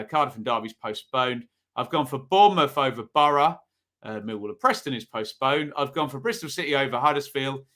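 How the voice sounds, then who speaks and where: Speaking at medium pitch with a slightly bright quality, a man hosts a live football predictions stream. His manner is chatty as he reads out viewer comments and polls the chat for predictions.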